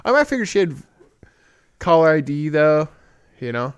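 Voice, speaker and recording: A man's voice: fairly high pitch, big pitch swings, normal speed, clear, resonant tone, no echo, highs cut off. A man hosting a podcast, telling stories in casual chat, laughing often and swearing freely. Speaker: podcast host.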